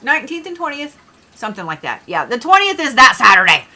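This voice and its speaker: A chatty young woman talks to her livestream viewers, rambling from one thing to the next and dropping the odd swear word. Her voice comes across bright and forward, close on a desk mic. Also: fairly high pitch, very animated, fast. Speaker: livestream host, astrology reader. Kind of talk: casual livestream chat.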